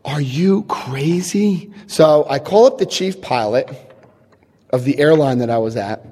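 A man's voice: medium pitch, animated, normal speed, dark tone. A middle-aged man from New Jersey giving a recovery meeting talk, telling his story animatedly, acting out quotes and laughing at himself. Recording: long hall reverb.

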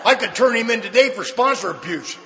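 A middle-aged man sharing his story with a live audience at a recovery meeting, a folksy comic storyteller with dry deadpan asides. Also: extremely high pitch, fairly quick, some chatter behind. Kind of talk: humorous personal testimony to an audience. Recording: reverberant hall, faint background noise.

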